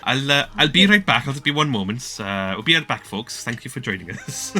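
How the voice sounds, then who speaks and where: A man's voice: medium pitch, animated, a little fast, music in the background. A man narrating as game master of a tabletop game, rambling with many fillers.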